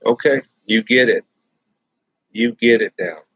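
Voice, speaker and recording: A man delivers a casual rant, blunt and repetitive, stumbling over his restarts. His voice is husky and mid-pitched. The recording is dry and a bit dull and lo-fi. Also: a little slow, fairly bright tone, no room sound. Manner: blunt, repeats himself, restarts phrases. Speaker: host.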